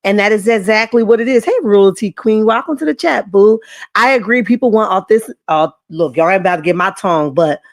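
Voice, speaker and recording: A woman's voice: mid-range voice, a little fast. A woman hosting a casual livestream, chatting about a clip and greeting viewers in the chat. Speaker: reaction channel host.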